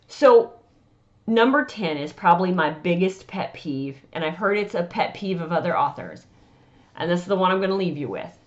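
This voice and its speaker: A woman's voice: fairly low pitch, muffled recording. A woman author giving chatty, emphatic advice on selling at vendor markets and often acting out conversations. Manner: chatty and emphatic, acts out customer dialogue. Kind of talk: casual advice talk to camera.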